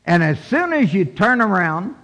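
A pastor in his sixties preaching a fervent sermon with drawn-out emphatic phrases in a large church sanctuary. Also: sits high, very animated, fairly bright tone. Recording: long reverberant hall sound.

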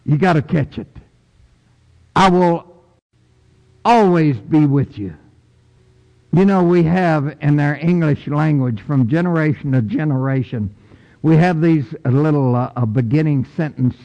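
An older man preaches from the pulpit in a high, emphatic voice. He takes his time and leans hard on key words, sometimes climbing sharply in pitch. The sound rings with a long reverb, as in a large church. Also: a little mellow. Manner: slow, emphatic preaching with rising outbursts. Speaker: pastor. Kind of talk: sermon.

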